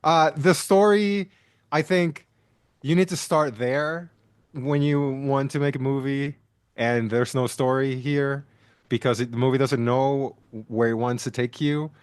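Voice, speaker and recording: Brief: deliberate, emphatic man in casual film talk, mid pitch, dry sound. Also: steady tone, darkish tone, clear, resonant tone, no room sound. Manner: slow, deliberate, emphatic points. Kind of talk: casual movie review chat.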